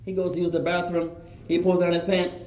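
A high, mellow male voice, teaching an animated religious lesson to a seated audience. He acts out quoted voices and drops in Arabic phrases. The room gives the voice a roomy echo. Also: brisk. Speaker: Islamic teacher. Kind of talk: religious lesson to a live gathering.

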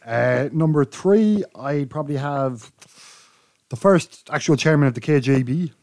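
An Irish man with a slightly high voice co-hosts a podcast among friends and delivers his jokes flat and deadpan. The sound is dry and close to the mic. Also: measured pace, dry recording. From Ireland. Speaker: podcast co-host. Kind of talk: casual banter among friends.

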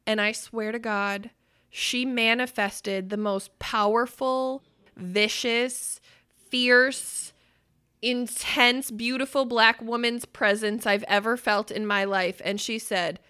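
A young adult woman co-hosting a casual podcast, telling stories with swearing and bursts of loud laughter. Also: a little high, fairly even intonation, takes it slowly, smooth. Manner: swearing, storytelling, laughs loudly. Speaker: podcast co-host. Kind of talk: casual chat.

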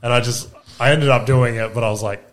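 A man's voice: medium pitch, fast. An Australian man, a podcast co-host and dad, telling loose, sweary stories in casual chat. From Queensland, Australia. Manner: animated anecdotes, swears freely.

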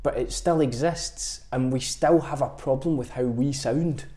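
Mellow-voiced Scottish man, thoughtful. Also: medium pitch, measured pace. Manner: thoughtful, with frequent restarts. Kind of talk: reflective conversation.

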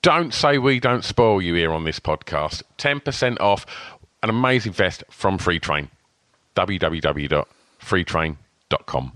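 A man co-hosting a podcast, teasing his partner in animated banter and reading sponsor spots. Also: sits low, measured pace. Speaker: podcast co-host. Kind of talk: casual podcast chat and sponsor reads.

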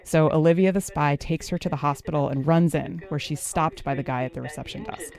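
A woman's voice: low-pitched, fairly quick, creaky, darkish tone. A woman hosting and narrating a podcast in a conversational, explanatory way.

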